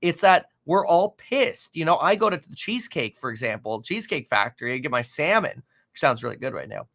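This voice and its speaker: A man hosting a live market stream, reading viewer comments aloud and reacting in an animated, exasperated, rambling way with many fillers. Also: fairly high pitch, fairly quick. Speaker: market livestream host.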